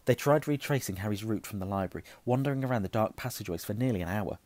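A hoarse man reading a novel aloud, hushing at tense moments and correcting himself. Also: fairly low pitch, lively intonation, quick pace, no room sound. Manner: self-correcting, softening to a hush at tense moments. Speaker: reader.

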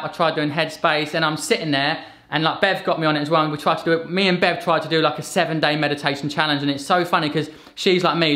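Animated man in his thirties. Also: on the high side. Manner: earnest, animated storytelling with acted-out quotes. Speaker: podcast guest, fitness coach. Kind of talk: casual conversation.

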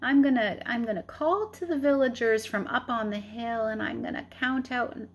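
Lady doing a bored little shepherd kid, teasing and yelling, high and breathy. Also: normal speed, natural voice. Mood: mischievous. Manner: playful, teasing, loud calls. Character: mischievous bored young shepherd boy.

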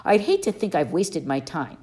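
Gentle wise teacher man, woman reader doing him, formal and patient, low-ish voice. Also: huge pitch swings, moderate pace. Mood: kindly.

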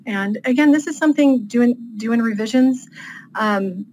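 A woman's voice: fairly high pitch, a little slow, darkish tone, a little hiss or hum, poor audio. A woman author talking through writing tips in a casual interview, chatty and loose, with many fillers. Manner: chatty, with frequent fillers and light laughs. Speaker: author guest.

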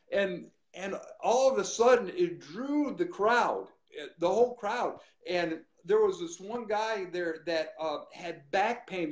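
A man, a guest minister, telling his testimony in an animated way and acting out the voices he quotes. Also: high-pitched, echoey room. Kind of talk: testimony storytelling.

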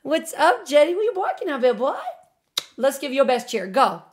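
Excitable high-voiced woman streamer. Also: normal speed. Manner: excitable, swearing, doting baby talk. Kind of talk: live-stream reaction chat.

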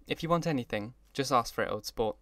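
A man's voice: mid-range voice, fast, a bit bright, no room sound, close to an everyday voice. A man reading an audiobook, voicing an elegant young host who picks his words with care and stays formal and courteous. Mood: gracious. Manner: courteous, carefully chosen words.

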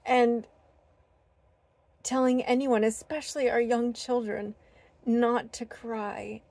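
A woman vlogger sharing a heartfelt spiritual talk, earnest and gentle, with many fillers and restarts. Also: fairly high pitch, little pitch movement, slow pace, creaky, no echo. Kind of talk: heartfelt personal talk to camera.

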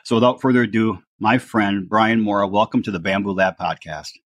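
A man's voice: fairly low pitch, steady tone, a little fast, dry recording. A man hosting a podcast, chatting casually and repeating words as he goes. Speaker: podcast host. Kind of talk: casual interview chat.

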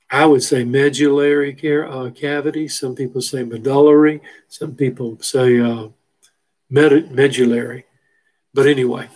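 Middle-aged male biology instructor, husky, folksy, repeats key terms, asks rhetorical questions. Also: medium pitch, a little mellow, rough recording. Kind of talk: recorded lecture walking through a textbook figure.

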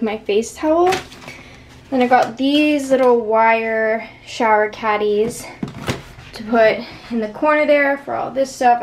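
A young woman in her twenties, talking casually through an apartment vlog. She rambles candidly and uses "like" constantly. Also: on the high side. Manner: rambling, heavy use of "like", candid. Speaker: vlogger. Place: apartment, indoors. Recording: echoey room with background noise.

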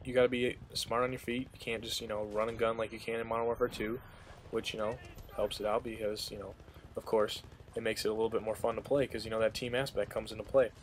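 A man's voice: medium pitch, slight background noise. A young man giving casual, rambling commentary over gameplay, with many fillers and restarts as he tells a story.

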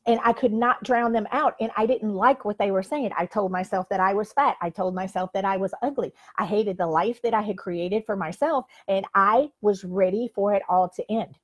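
An older life coach speaks to the camera in a medium-pitched voice at a moderate pace with few pauses. Her motivational talk is blunt and emphatic, peppered with frequent "like"s.

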